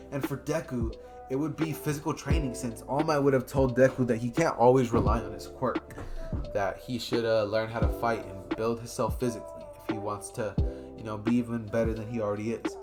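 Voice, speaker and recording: A man narrates an improvised fan story in a casual, rambling way, often correcting himself mid-sentence. His voice sits at an ordinary middle pitch, and guitar music plays clearly behind him throughout.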